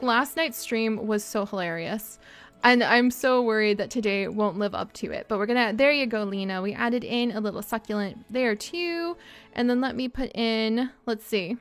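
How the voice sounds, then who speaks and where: A young woman with a high, bright-pitched voice chats excitedly through a live gameplay stream. She gushes thanks at her viewers in a bubbly, excitable way. Faint game music plays quietly behind her.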